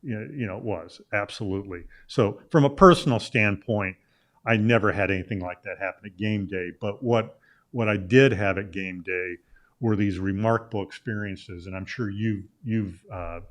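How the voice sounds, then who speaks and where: Guesting on a talk show, a middle-aged Illinois sports journalist rambles casually through a lengthy anecdote, repeatedly restarting and saying "uh." He has a fairly low voice and a moderate pace.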